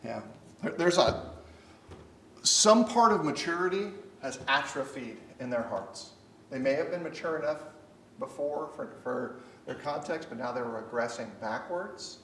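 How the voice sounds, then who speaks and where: A man leading a conversational Bible study, earnest and animated, sometimes acting out the voices he quotes. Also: on the high side, measured pace. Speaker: Bible teacher. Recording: echoey room, distant mic, faint noise.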